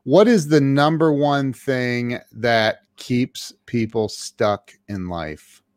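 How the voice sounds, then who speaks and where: A man hosting a podcast with a mid-pitched voice. He sounds eager and trips over his first words, repeating them as he starts. The sound is dry with no room echo. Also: slow. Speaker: podcast host. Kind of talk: casual interview chat.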